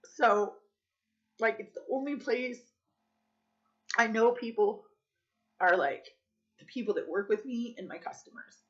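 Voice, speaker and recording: A woman's voice: on the high side, a little slow, pauses often, fairly bright tone, dull audio. A woman vlogging in a candid, casual confessional chat, swearing freely and saying "like" and "dude" a lot. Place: Las Vegas.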